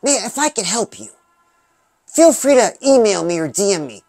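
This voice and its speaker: A man's voice: sits high, expressive, gravelly, darkish tone, dry recording. Upbeat motivational man, dry close sound. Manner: upbeat preachy pep talk with drawn-out "oh yeah"s. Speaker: music video reactor and motivational vlogger. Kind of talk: motivational talk.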